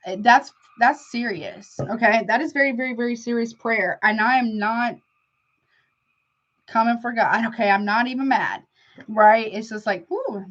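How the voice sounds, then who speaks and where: A woman's voice: fairly high pitch, moderate pace, fairly bright tone. Chatty woman tarot reader, lo-fi sound. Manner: chatty and affectionate, calls viewers honey. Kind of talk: casual live-stream tarot chat.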